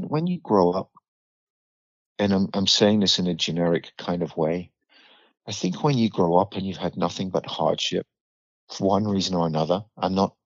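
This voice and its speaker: Here a middle-aged British podcast guest tells a story in a low voice, blunt and vivid, swearing freely. There's no echo, and the dry recording is slightly dull.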